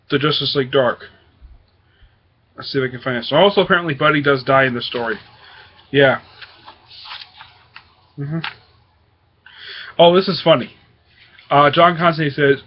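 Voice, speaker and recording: A man's voice: medium pitch, highs cut off. A man hosting his own comic book review show, talking casually and hesitantly with lots of fillers. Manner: rambling, hesitant with many fillers.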